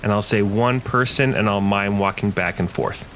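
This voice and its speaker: A man's voice: fairly low pitch, level tone, a little fast, a bit bright, a little hiss or hum. A man playing a tabletop role-playing game, thinking aloud as he plans his character's moves. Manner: thoughtful, planning aloud. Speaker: player. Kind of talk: casual tabletop play.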